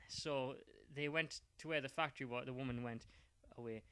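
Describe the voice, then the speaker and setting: Bright-voiced man rambling through a story. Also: mid-range voice, fairly even intonation, moderate pace, clean tone, no room sound. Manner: rambling, playful. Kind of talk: improvised fan-fiction storytelling.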